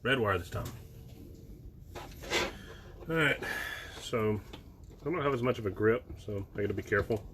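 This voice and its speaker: A man's voice: lowish voice, moderate pace, pauses often. A man with a Southern US accent, casually explaining a wiring project with lots of fillers. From American South. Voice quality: relaxed, rambling with fillers. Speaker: workshop video host. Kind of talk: casual how-to talk. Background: clicks and workshop noise.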